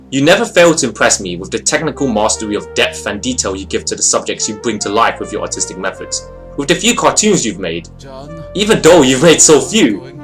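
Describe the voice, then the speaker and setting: A young man talks through a video review in a casual, rambling way, his pitch rising and falling with lively swings. His voice sits mid-range, with faint music playing underneath. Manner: expressive, rambling with fillers.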